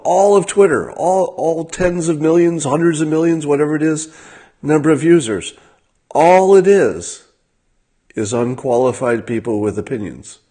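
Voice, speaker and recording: A man hosting a livestream, talking in a casual monologue with a dry, sardonic manner and frequent halting fillers. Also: fairly high pitch, warm tone. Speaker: livestream host.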